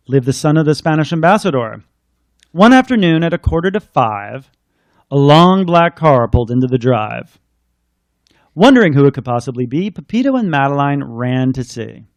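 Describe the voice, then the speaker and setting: A man's voice: a little high, no room sound, studio quality. A man, a children's book author, chatting in rambling asides and then reading his picture book aloud.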